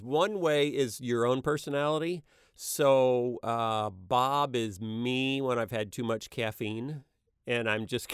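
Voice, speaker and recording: A middle-aged man telling stories about making his animated show in a casual interview, lively and quick to act out voices. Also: mid-range voice, clear, resonant tone, no room sound, studio quality. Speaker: animation creator being interviewed.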